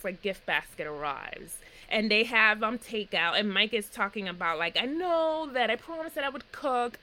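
Animated woman recapping a reality show. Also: mid-range voice, a little hiss or hum, rough recording. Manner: animated storytelling, acts out quotes. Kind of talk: casual chat.

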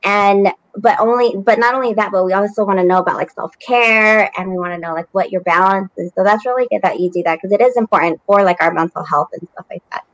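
A woman hosts a casual podcast interview and warmly affirms her guest between questions. Her voice sits at an ordinary middle pitch. The recording is dry and close, with no room sound. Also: fast talker, hardly any pauses, no room sound, rough recording. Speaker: podcast host.

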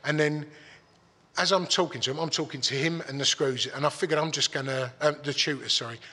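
A middle-aged man tells a rambling story, blunt and full of swearing. His voice is fairly high, bright and forceful, with a husky edge. The room has a long, echoing reverb. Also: steady tone, a little fast. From England. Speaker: guest. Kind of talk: casual storytelling.

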